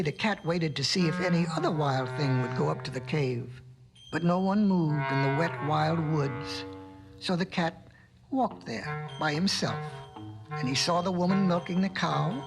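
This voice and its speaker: A man narrating a storybook in a gentle, lilting way with drawn-out words, from a restored vinyl record. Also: on the high side, vocal fry. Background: music.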